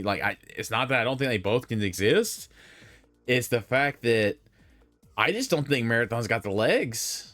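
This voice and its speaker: A man's voice: fairly low pitch, a bit bright. A young man rambling through casual opinions on video games, full of fillers and self-corrections. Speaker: gaming commentator.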